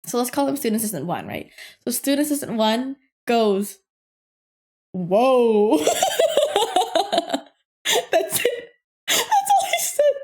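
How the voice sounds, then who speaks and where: A young adult woman hosting a podcast, telling a workplace story in a casual, animated and profane way. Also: medium pitch. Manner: animated, profane, laughs through her story. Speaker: podcast host.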